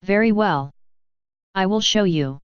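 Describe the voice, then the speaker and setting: A woman's voice: medium pitch, measured pace, clean tone, no echo, dull audio, lightly acted. A woman reading a sinister mocking doppelganger mare. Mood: taunting. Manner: honeyed, taunting, condescending. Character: sinister fanged female pony doppelganger, mocking.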